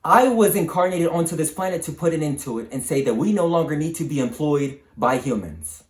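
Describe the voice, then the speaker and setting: A high-voiced man whose pitch leaps up and down as he speaks. He talks straight to the camera in an insistent, preaching monologue, repeating his points again and again. His voice rings around a roomy, echoing space. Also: expressive, brisk. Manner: emphatic, repetitive, preaching. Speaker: channel host.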